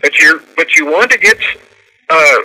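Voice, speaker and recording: Bright, brassy male radio host. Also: fairly high pitch, wildly swooping pitch, moderate pace, gravelly, low-quality recording. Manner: explains step by step, counting out loud. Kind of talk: instructional radio talk.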